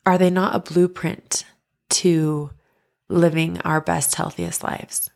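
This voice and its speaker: A young woman hosting a podcast, telling a personal story in an animated way and acting out the lines of the people in it. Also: lowish voice, slow, gravelly. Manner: animated, quoting others in dialogue, breaks into laughs. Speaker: podcast host.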